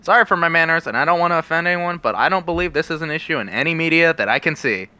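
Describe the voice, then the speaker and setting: A man's voice: on the high side, expressive, very fast, sharp tone, clean tone. A man co-hosting a casual comedy podcast, dropping short dry quips. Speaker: podcast co-host.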